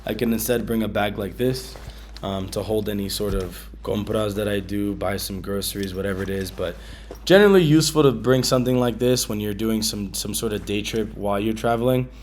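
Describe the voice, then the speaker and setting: A man vlogging about his travel gear in a casual, slangy way, with many ums and bursts of excitement. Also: lowish voice, a little fast, slight background noise.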